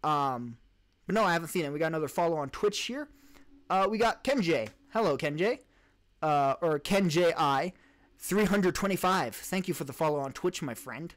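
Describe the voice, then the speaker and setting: Rambling streamer man, slightly high voice. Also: animated, normal speed, a bit bright. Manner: rambling, restarts and self-corrections while reading chat. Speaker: podcast host and live streamer. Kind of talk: casual live-stream Q&A. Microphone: streaming desk mic.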